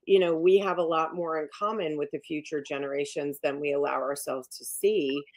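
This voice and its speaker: A woman's voice: sits low, fairly even intonation, a little fast, darkish tone. A middle-aged woman executive coach, a guest on a podcast, who talks emphatically with many fillers and restarts. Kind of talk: podcast interview.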